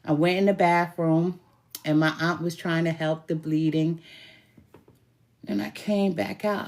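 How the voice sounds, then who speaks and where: With a lowish, darkish, creaky voice, this woman keeps a steady tone and a measured pace, leaving long pauses. She reads tarot as a self-styled good witch, chatting casually to camera, laughing and swearing a little as she tells stories.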